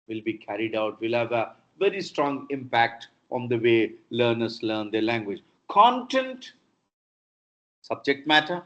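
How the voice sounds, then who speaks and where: A middle-aged man with an Indian English accent giving an online lecture on pronunciation, repeating words to show how stress shifts. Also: mid-range voice. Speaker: professor teaching pronunciation. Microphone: video call. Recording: dull lo-fi video call audio.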